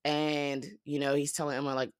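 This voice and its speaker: A young woman casually recapping a TV episode, animated and profane, acting out characters' lines in paraphrase. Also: low voice, fairly quick, clean tone. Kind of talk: casual storytelling commentary.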